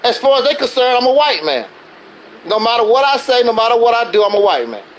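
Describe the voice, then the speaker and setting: A man's voice: very high voice, very animated, fast, slight background noise, rough recording. A man hosting a livestream, ranting defensively in a casual monologue full of rhetorical questions. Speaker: livestreaming channel host.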